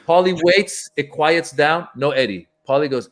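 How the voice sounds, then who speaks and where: A male stand-up comedian telling anecdotes in a relaxed interview, animated and slipping into voices for the people in his stories. His voice sits a little high. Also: moderate pace, hardly any pauses. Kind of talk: casual storytelling interview.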